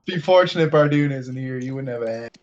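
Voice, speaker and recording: A man's voice: mid-range voice, a little fast, darkish tone, lo-fi sound. A man playing a tabletop game, making dry, laid-back quips. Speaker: player. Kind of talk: casual tabletop play.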